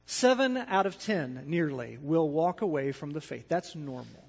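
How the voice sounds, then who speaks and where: A man preaches to his congregation, his voice high and a little husky. He swings between loud, emphatic declarations and quiet, confiding asides. The sound is dull and carries a long reverb, as from a church sanctuary. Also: expressive, measured pace. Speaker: pastor. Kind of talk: sermon.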